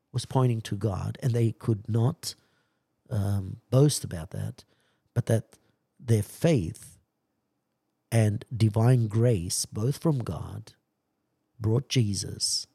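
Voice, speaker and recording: A male preacher gives a sermon in an unhurried, emphatic way, with a husky, mellow voice. His pitch swings widely, climbing when he reads quoted passages aloud, and he often repeats his key phrases. The recording is close and dry, with no room sound. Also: no room sound.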